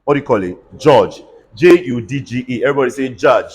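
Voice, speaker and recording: A man's voice: medium pitch, quick pace, darkish tone, slight background noise. A man teaching a class how to pronounce consonant sounds, spelling words out letter by letter and having the students repeat them. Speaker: pronunciation teacher. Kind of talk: classroom lesson with call-and-response drills.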